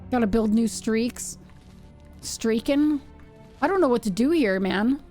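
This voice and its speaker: Young woman streaming a game, kinda high but mellow voice, rambling to herself and laughing at how lost she is. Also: expressive, unhurried, soft background music. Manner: rambling, self-mocking, thinks out loud. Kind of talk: casual live-stream chat while gaming.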